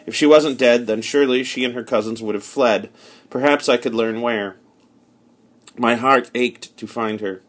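A man giving a measured, steady first-person narration of a story. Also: mid-range voice. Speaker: audiobook narrator.

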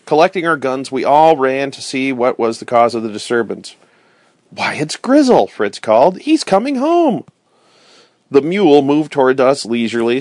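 A man narrating a storybook aloud in first person, as a steady, clear storyteller. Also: medium pitch, dry recording. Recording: dry close recording.

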